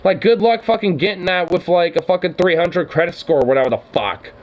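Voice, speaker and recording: A man's voice: high-pitched, brisk, low-quality recording. A man reacting to a video in casual, profane commentary, ranting in exasperation. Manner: exasperated, ranting, swears a lot.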